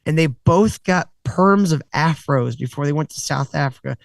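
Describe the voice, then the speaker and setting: Male guest co-host, sarcastic, quick asides, dry close mic. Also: a little high, vocal fry, no room sound. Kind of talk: casual podcast chat.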